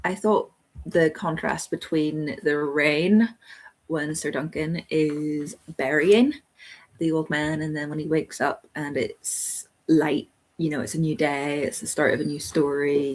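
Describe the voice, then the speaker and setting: Low, husky-voiced woman chatting live. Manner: rambling and chatty, thinking aloud with many ums. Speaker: host of a live book club stream. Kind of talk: casual live-stream TV review chat.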